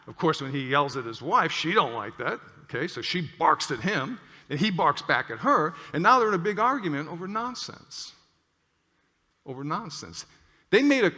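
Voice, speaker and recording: A male clinician giving an animated lecture with stories, often checking in with "okay?". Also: fairly high pitch. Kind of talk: lecture with storytelling. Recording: long hall reverb.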